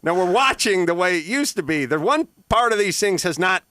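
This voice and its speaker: A man's voice: sits high, lively intonation, a little fast, sharp tone, dry recording, studio quality. A man hosting a casual comedy podcast chat, talking animatedly and slipping into silly character voices. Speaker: host.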